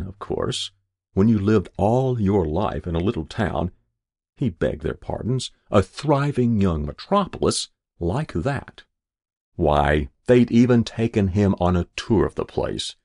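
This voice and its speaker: A man narrating a story in an expressive, measured storytelling manner. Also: on the low side, creaky, no room sound, studio quality. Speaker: audiobook narrator.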